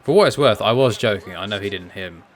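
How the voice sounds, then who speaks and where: A man's voice: fairly low pitch, animated, fast. A tired man chatting casually and joking while commentating on a game he plays, rambling and restarting his sentences. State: tired, yawning. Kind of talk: casual chat over gameplay.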